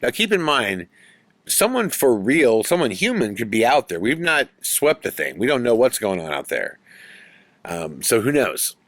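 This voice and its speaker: A man hosting a podcast, telling a ghost story in an animated way that builds suspense. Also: mid-range voice, normal speed, dry recording. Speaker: podcast host.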